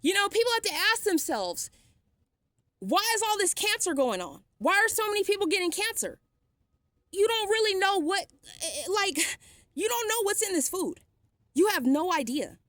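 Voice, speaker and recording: Woman, sarcastic blunt rant, dry close sound, sharp bright tone. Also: very high-pitched, very animated, moderate pace, no echo. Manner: defiant, sarcastic, blunt with profanity. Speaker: vlogger. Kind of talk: ranting vlog monologue.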